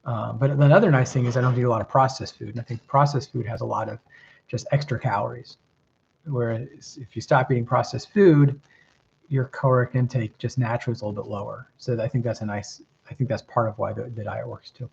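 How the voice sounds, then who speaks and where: A middle-aged man from the American South with a mild Southern accent, hosting a livestream and answering viewer questions in a relaxed, reflective way. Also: medium pitch, a little fast, creaky, a little hiss or hum. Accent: metropolitan Southern American, mild. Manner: relaxed, reflective, many ums and rights. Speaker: host giving advice, reading viewer questions. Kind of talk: casual livestream chat. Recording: slightly dull lo-fi stream audio.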